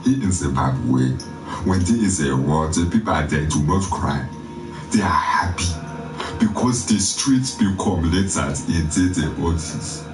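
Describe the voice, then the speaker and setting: A man voicing a grandiose self-styled male commander in a game chat, speaking slowly and formally with a very deep bass voice and demanding respect. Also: expressive, recorded from a distance. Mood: commanding. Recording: echoey game chat clip from afar with music.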